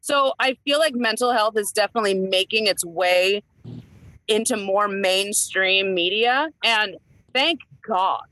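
A woman's voice: mid-range voice, unhurried, bright, forceful tone, low-quality recording. A woman in her thirties, an entertainer co-hosting a casual chat, talking in a rambling way with many fillers and restarts. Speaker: podcast co-host, entertainer.

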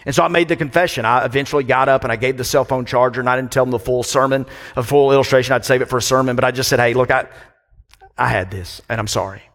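A man's voice: medium pitch, fairly even intonation, very fast, hardly any pauses, a bit bright. A pastor preaches in an easy, conversational way, often turning questions back on his listeners. His voice sits in a middle range for a man. The sound carries the long reverb of a large church hall. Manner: conversational, asks the congregation questions. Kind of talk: sermon.

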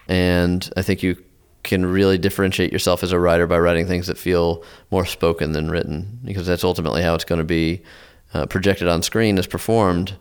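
A man, a filmmaker who gives advice in a lecture, thoughtful and halting, often restarting his sentences. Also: low-pitched, little pitch movement, clear, resonant tone. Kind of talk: lecture talk.

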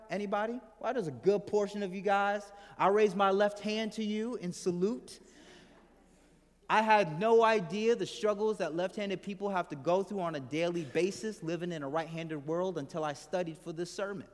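A man preaching a sermon to a congregation, chatting and asking them questions, letting his voice drop soft and low at the ends of phrases. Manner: conversational, asks the congregation questions. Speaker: pastor. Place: church hall with congregation. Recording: hall reverb from the room.

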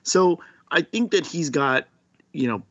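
A man's voice: on the high side, expressive, a little slow, a bit bright. A man co-hosting a casual soccer talk show, explaining points steadily. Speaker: podcast co-host. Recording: dull lo-fi, dry sound.

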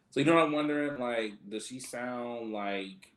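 A man's voice: mid-range voice, fairly bright tone, a little hiss or hum. A man co-hosting a podcast, joking loosely in casual banter and stretching his words out. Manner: loose, joking, drawn-out delivery. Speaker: podcast co-host. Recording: echoey room.

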